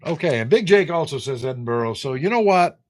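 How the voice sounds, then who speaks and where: This older American trivia livestreamer talks briskly in a fairly high, animated voice. He keeps the live-chat banter casual, sarcastically teasing viewers while reading out their names and answers.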